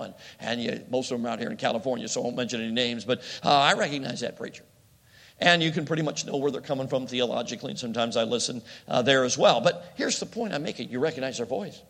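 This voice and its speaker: A man preaching a sermon in a lively, conversational way, often putting questions to the congregation. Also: mid-range voice, vocal fry. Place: church hall. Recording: long hall reverb.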